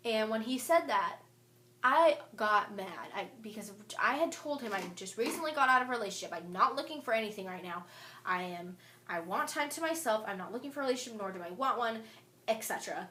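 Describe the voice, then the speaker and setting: A young woman telling a storytime vlog, animated and indignant, reading out old text messages. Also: mid-range voice, a little fast. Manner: animated and indignant, quoting texts aloud. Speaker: vlogger. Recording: echoey room.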